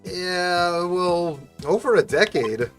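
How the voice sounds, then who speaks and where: A woman's voice: fairly low pitch, lively intonation, slow pace, faint music behind. Woman playing a nervous young male lawyer. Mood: awkward. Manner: hesitant, stammering. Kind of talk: fan voice-over of a game.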